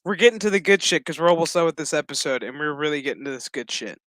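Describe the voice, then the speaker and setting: A man's voice: a little high, fast talker, slight background noise, rough recording. A man casually recapping a TV episode, swearing freely and acting out the characters' lines as he goes. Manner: profane, excitable, acts out characters' lines. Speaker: show recap host.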